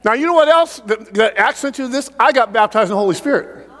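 A man preaching a sermon with personal testimony in an animated way, joking with the congregation. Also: very high voice, fast, big-room sound.

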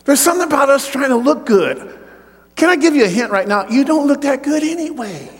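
A man preaching a sermon with personal testimony in an animated way, joking with the congregation. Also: very high voice, brisk, long reverb tail.

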